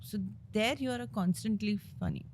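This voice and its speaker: A woman's voice: medium pitch, brisk, darkish tone, slight background noise. A woman hosting an interview, asking loose, searching questions. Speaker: podcast host. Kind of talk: casual interview chat.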